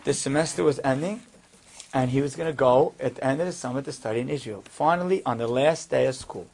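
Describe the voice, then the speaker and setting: A man telling a story aloud, acting out the voices of the people in it and rising high and loud at the dramatic moments. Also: fast, creaky, a little hiss or hum. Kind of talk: animated story with acted dialogue.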